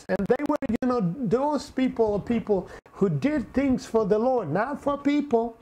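A man's voice: very high voice, lively intonation, measured pace, few pauses, warm tone, low-quality recording. A man preaching a sermon in an earnest way, often repeating phrases and adding fillers.

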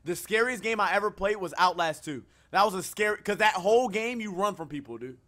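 A man's voice: sits high, animated, fairly quick. A young man streaming a horror game, chatting in loose, slangy, profane banter and screaming when scared. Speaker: gaming streamer. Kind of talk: casual game commentary. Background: loud game music.

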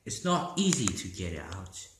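A man voicing a creepy male monster police officer who mutters in a low, hushed voice. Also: big pitch swings, measured pace, full character voice. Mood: grumbling. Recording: echoey room with loud noise.

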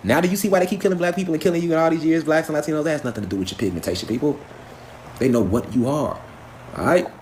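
A man's voice: on the high side, very fast, darkish tone, a little hiss or hum. A man giving a profane, preachy live stream lecture, firing off rhetorical questions. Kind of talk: impassioned live stream rant.

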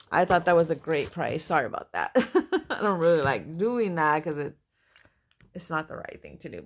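Excitable woman with a low, gravelly voice. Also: a little hiss or hum. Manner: chatty, excited, often apologizing. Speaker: mother showing a thrift haul. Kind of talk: casual haul vlog. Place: at home, indoors. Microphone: handheld phone or camera she moves around.

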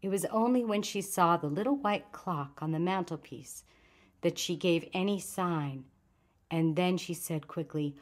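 A woman with a slightly low voice narrates a literary short story. Her reading is calm and measured, steady from sentence to sentence.

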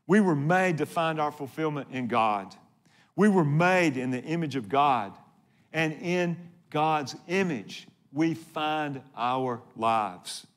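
A man preaching from the pulpit with a high voice. He tells the story with earnest drama and rises and falls with the telling. He often turns to ask his listeners direct questions. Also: expressive, a little slow. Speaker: pastor. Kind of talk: sermon.

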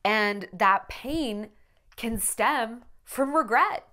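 Animated, candid woman vlogger. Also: a little high, extremely slow. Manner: candid, profane, rambling; emotional, tearful at times. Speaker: celebrity gossip vlogger. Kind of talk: casual vlog monologue.

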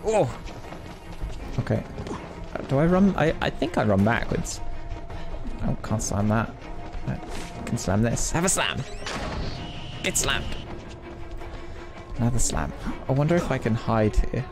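A man narrates his horror game run at an unhurried pace, cracking jokes and talking to the characters. He yelps when startled and keeps up a playful running commentary. Clear game music plays behind him. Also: medium pitch, very animated. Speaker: let's play gamer.

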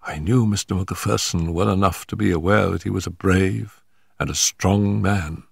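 An older man narrates a story in a low, measured voice with a grave, unhurried weight. The recording is close and dry, with no room sound. Every sentence is delivered with deliberate storytelling care. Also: gravelly, breathy edge, dry recording. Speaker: audiobook narrator. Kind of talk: scripted narration.

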